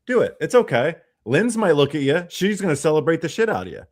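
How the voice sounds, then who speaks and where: An encouraging man speaking on a casual livestream. He coaches listeners warmly and keeps an upbeat, lively manner. He talks directly to viewers by name. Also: a little high, fast. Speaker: stream guest.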